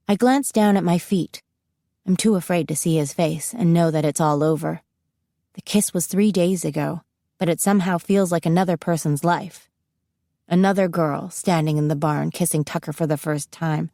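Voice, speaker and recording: A woman's voice: fairly low pitch, moderate pace, vocal fry, dark tone, dry recording. A woman narrating a first-person audiobook in an intimate, confiding manner, close to the mic.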